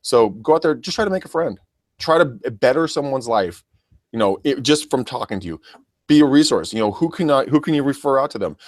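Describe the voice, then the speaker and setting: A man's voice: medium pitch, expressive, brisk, no room sound. A man coaching real estate agents in a casual podcast, chatty and full of restarts. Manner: chatty, stammering, addresses listeners as guys.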